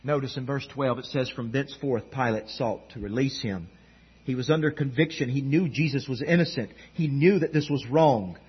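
A man preaching a sermon with a dramatic delivery, swinging between loud emphasis and hushed low tones. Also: normal speed, breathy edge. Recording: dull lo-fi sound.

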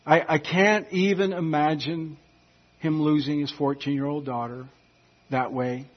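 A man preaching a sermon, emphatic, swinging between hushed and loud. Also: on the high side, fairly even intonation, measured pace. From United States. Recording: dull lo-fi recording.

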